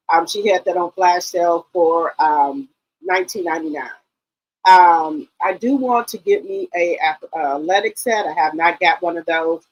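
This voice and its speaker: A woman's voice: on the low side, rough recording. A woman hosting a casual live stream, greeting viewers one by one and rambling loosely with many ums.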